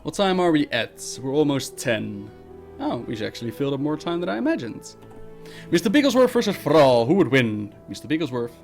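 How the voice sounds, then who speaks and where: A man's voice: fairly high pitch, very animated, a little mellow. Guy streaming a q&a, reads chat then fires off blunt answers, voice jumps around a lot, bit of music under it. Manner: reads viewer questions aloud, then answers bluntly and briskly. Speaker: streamer hosting a live Q&A. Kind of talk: casual live-stream chat.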